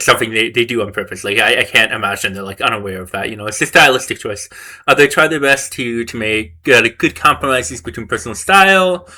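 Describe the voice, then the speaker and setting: A man's voice: mid-range voice, bright, forceful tone. A man studying a language course on camera, reading lessons aloud and reacting as he goes. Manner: thinks aloud, reads course text and reacts. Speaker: language learner vlogger. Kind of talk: casual self-study commentary.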